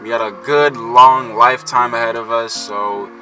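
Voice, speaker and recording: A twenty-one-year-old man jokes his way through a couple's Q&A in a mid-pitched, easygoing voice. He drops "bro" and "you know" often. Music runs clearly under his talk. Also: fairly even intonation, moderate pace, low-quality recording. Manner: joking, laid-back, says "bro" and "you know". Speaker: co-host of couple's channel. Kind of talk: casual Q&A chat.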